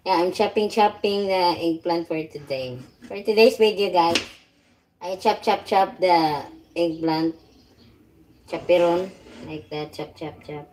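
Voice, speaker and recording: A woman hosts a relaxed cooking live stream, chatting with viewers and thanking them by name. She talks slowly in a lowish voice and chuckles often as she goes. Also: slight background noise. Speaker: livestream host. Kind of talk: casual live-stream chat while cooking.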